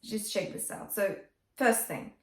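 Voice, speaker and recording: A woman's voice: mid-range voice, a little slow. A woman vocal coach teaching a singing lesson, often checking in with "okay?" as she explains technique. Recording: echoey room with faint music.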